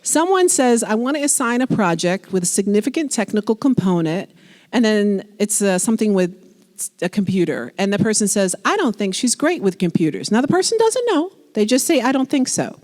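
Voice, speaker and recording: A woman in her forties giving a public lecture on leadership, lively and conversational, acting out the people she quotes. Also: mid-range voice, a little fast. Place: lecture hall.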